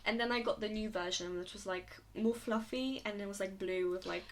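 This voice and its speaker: A young woman co-hosting a podcast, chatting casually with quick interjections. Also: medium pitch. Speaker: podcast co-host. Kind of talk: casual chat.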